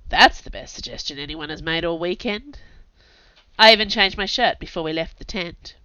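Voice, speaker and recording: A woman narrates a first-person novel with wry, sardonic humor. Her voice is bright and slightly low-pitched, with lively swings in pitch. The recording is dry and a little dull. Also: moderate pace, smooth, no room sound. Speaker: audiobook narrator.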